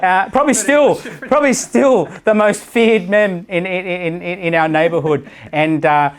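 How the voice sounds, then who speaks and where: A man's voice: sits high, unhurried, clean tone. Blunt, swearing Australian man. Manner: blunt, swears freely, keeps asking "right?". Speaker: podcast host and property business owner. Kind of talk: casual podcast chat.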